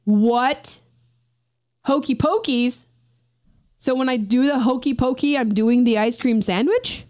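A woman's voice: fairly high pitch, moderate pace, few pauses, a little mellow, dry recording, clean studio sound. A woman co-hosting a casual podcast, reading out facts with playful, jokey asides. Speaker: podcast co-host.

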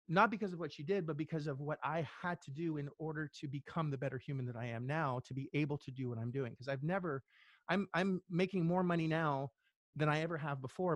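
A middle-aged man telling a personal story as an interview guest, earnest and halting, with many restarts. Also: fairly high pitch, dry recording. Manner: earnest, halting, tearful at times.

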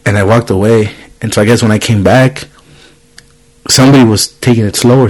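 A man's voice: fairly low pitch, brisk, darkish tone, rough recording. A man in his thirties hosting a podcast, telling a story in casual chat, swearing freely and acting out the people he quotes. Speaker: podcast host.

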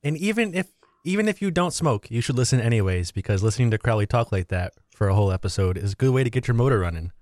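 A man's voice: medium pitch, animated, fast, a little mellow, dry recording, studio quality. A man co-hosting a casual gaming podcast, laid-back and teasing. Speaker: podcast co-host.

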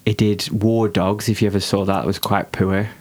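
Male co-host, slightly low voice, easygoing and opinionated. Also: moderate pace. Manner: relaxed, opinionated about films. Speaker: podcast co-host. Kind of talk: casual chat.

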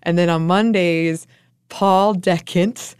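A woman's voice: lowish voice, steady tone, takes it slowly, a little mellow, smooth, no room sound, studio quality. A woman co-hosting a podcast in casual chat, talking with frequent laughs and fillers. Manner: chatty, laughs often, many fillers. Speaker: podcast co-host.

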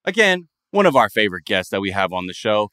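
A man's voice: on the low side, very animated, quick pace, sharp tone, clean tone, dry recording, studio quality. A man hosting a casual comedy podcast, riffing playfully and jumping into goofy bits. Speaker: podcast host.

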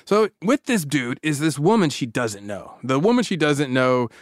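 A man co-hosting a podcast, telling a story in a casual, joking, animated way. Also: on the high side, moderate pace, no echo, studio quality. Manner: animated, joking, laughing often.

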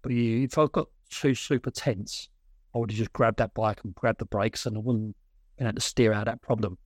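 Coaching client: man, low-pitched, chatty and rambling, recorded dry. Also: fairly even intonation, fairly quick, no room sound. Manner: rambling, restarts often, tells anecdotes. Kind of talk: casual chat on a call.

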